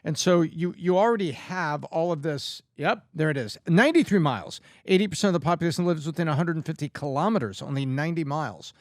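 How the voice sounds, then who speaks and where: A man's voice: a little high, animated, fast, hardly any pauses, no echo, clean studio sound. A man talking on a podcast, thinking aloud and correcting himself as he goes. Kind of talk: casual podcast discussion.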